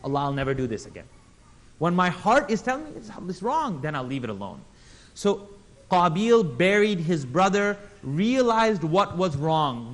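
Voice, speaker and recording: A man teaching a religious class, animated, acting out quotes in voices and asking the audience questions. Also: fairly high pitch. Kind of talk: Islamic class lecture.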